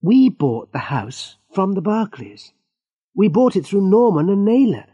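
A man's voice: high voice, big pitch swings, a little slow, mellow, slightly rough, dull audio, voice pushed up, full character voice. A man voicing an amused young wife who speaks in a pointed, teasing way, in a raised voice.

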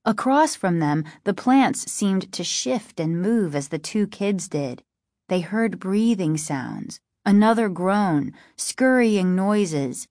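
A woman narrating a spooky storybook in a measured, steady storytelling manner. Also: on the low side, dry recording, studio quality. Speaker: audiobook narrator. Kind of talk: scripted narration.

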